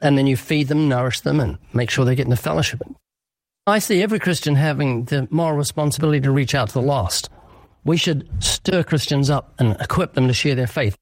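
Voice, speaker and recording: A man's voice: medium pitch, a little fast, no echo. A man speaking as an evangelist guest in an interview, earnest and emphatic, acting out short quoted exchanges. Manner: earnest, emphatic, illustrates with little acted quotes. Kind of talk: preaching interview answer.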